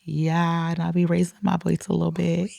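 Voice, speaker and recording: A woman co-hosting a casual chat, loud and expressive, often agreeing. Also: lowish voice, moderate pace, gravelly. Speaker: podcast co-host.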